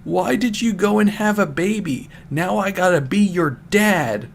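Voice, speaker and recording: A man voicing an angry, jealous echidna teenager who yells his lines in a raised voice while reading a story aloud. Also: fairly high pitch, very animated, unhurried, a little hiss or hum, pitched above the performer's own voice. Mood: angry yelling. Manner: shouty, raised voice. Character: angry jealous male echidna teen, yelling.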